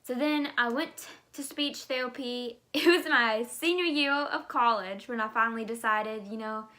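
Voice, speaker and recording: A woman's voice: on the high side, normal speed, pushed and bright. A woman in her twenties from the United States with an articulation disorder that gives her speech sounds unusual, chatting candidly to camera. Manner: chatty, candid, many fillers. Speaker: vlogger. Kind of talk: casual chat to camera.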